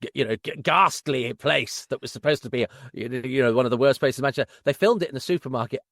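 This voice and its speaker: A man's voice: mid-range voice, fast talker, fairly bright tone, dry recording, clean studio sound. A middle-aged man, an actor and podcast guest, telling anecdotes in a wry, self-deprecating way.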